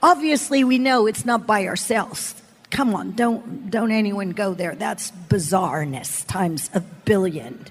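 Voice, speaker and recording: A woman preacher giving an animated testimony sermon, telling her story with bursts of laughter and screaming. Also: mid-range voice, measured pace, long reverb tail.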